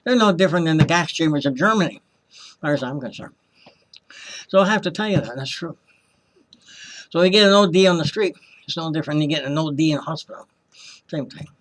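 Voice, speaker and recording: A man's voice: fairly high pitch, quick pace, pauses often, a bit bright. A man telling his own story as a former hospital patient, impassioned and accusing, often repeating himself and acting out the voices of people he quotes. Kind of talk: personal testimony, storytelling.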